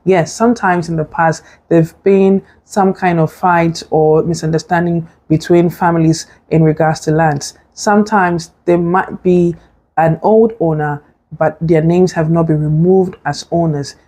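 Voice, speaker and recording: A woman's voice: on the low side, steady tone, a little slow, dark tone. A woman, a property advisor telling a story and giving earnest, instructive advice. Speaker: real estate advisor. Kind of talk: advice talk to camera.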